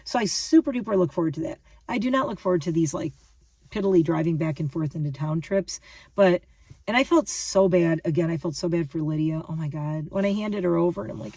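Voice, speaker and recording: A woman's voice: fairly low pitch, quick pace, a little mellow, no room sound. Woman, vlogger, casual chatty monologue, rambling, self-deprecating, distant mic, dry room.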